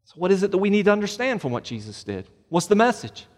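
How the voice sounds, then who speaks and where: A male pastor preaching a sermon in a church sanctuary, animated, firing off rhetorical questions and joking asides. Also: high-pitched, fast. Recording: long hall reverb.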